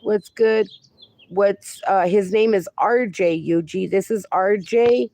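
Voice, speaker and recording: With a slow, dark, medium-pitched voice and slight background noise, a woman in her forties reads viewer comments on her casual livestream. She answers them fondly, calling people "my darling" and "my friend."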